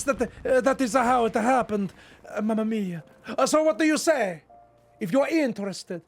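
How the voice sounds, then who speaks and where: A man's voice: very high-pitched, exaggerated voice. Man doing a hammy Italian shopkeeper. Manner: hammy, exaggerated put-on accent. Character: wheedling Italian-style male shopkeeper, pushy and hot-tempered.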